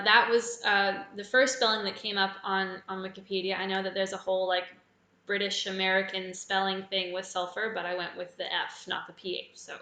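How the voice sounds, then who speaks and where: A woman hosting a live trivia quiz, with a bright, crisp voice. She walks through each answer in a relaxed, chatty way and drops in little personal asides. Her voice rings in a roomy, echoey space. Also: medium pitch. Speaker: quiz host. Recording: echoey room.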